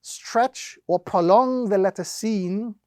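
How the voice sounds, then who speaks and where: A man teaching Quran recitation, explaining each rule slowly and step by step, drawing out the example words and repeating the steps methodically. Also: sits high, no room sound, studio quality. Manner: slow, deliberate explanation with drawn-out demonstrations. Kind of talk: instructional lesson.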